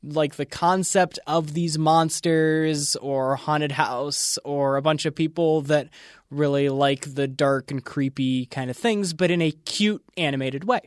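Upbeat higher-voiced male film reviewer. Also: steady tone, unhurried, no echo, studio quality. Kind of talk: casual entertainment news chat.

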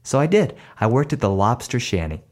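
A man telling a personal story aloud in an animated, conversational way. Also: medium pitch, fairly quick.

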